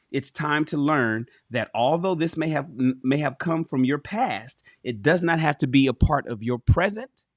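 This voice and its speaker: A man with a fairly high pitch reads from a relationship book on his livestream, recorded in clean studio sound with no room sound. His frequent interruptions are animated, emphatic and profane, directed right at his audience.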